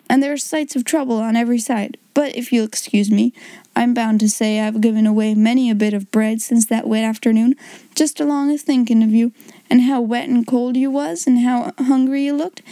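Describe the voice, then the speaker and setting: A woman's voice: fairly high pitch, warm tone, no echo, lightly acted. A woman voicing a cheerful, good-natured working-class baker woman who talks in homely dialect.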